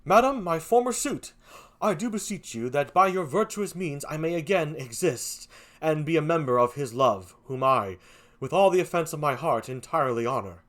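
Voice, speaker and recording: A man's voice: a little high, animated, fairly bright tone. A man reading a humble young officer who begs for help, during an amateur streamed play reading. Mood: pleading. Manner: rushed, pleading verse reading.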